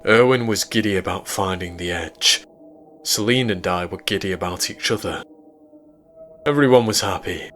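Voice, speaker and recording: A British man narrating a sci-fi horror story in a measured, steady way. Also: low-pitched, soft background music.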